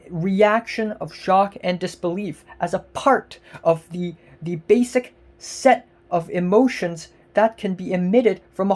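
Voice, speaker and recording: A woman vlogger delivering an angry, profane rant, exasperated, with repeated words and bursts of loudness. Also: fairly low pitch.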